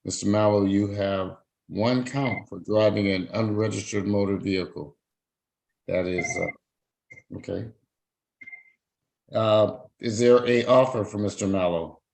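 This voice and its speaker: A man's voice: lowish voice, fairly even intonation, unhurried, gravelly, long pauses, a little mellow, rough recording. A man presiding as a judge, formally reading out charges, fines and rights in a court hearing. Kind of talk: court proceedings over a video call.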